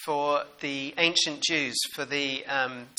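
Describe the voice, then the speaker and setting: A New man preaching a sermon in an animated, conversational way and putting questions to the congregation. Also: a little high, slow pace, rough recording.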